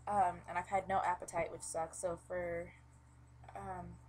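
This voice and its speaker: A young woman with a fairly low voice talks straight to her camera in a loose, chatty way. She vents openly and swears without holding back. Her talk is full of "um" and "like". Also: little pitch movement, unhurried, a little mellow, a little hiss or hum, poor audio. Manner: venting, swears freely, many fillers like "um" and "like". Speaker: vlogger. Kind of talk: casual vlog chat.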